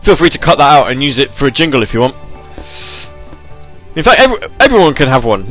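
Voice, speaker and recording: A man's voice: medium pitch, very animated, fast, pauses often, fairly bright tone, soft background music. A young British man presenting an internet radio show, chatting casually in a rambling, self-mocking way and sometimes putting on an announcer voice, his throat sore from it. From Britain. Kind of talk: casual live radio chat.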